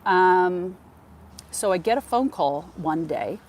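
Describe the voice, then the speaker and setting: A woman's voice: fairly low pitch, lively intonation, slow, darkish tone, a little hiss or hum. A middle-aged woman hosting a podcast, chatting through stories in a casual monologue and acting out the conversations she retells. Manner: chatty, acts out quoted conversations. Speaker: podcast host.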